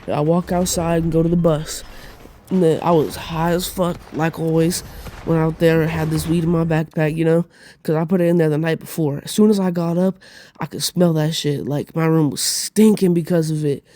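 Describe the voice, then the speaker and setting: A young man with a fairly high but dark, mellow voice, telling a story in loose, profane slang. He rambles with lots of fillers, close to the mic, with faint hiss behind him. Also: fairly even intonation, moderate pace. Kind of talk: casual storytelling monologue.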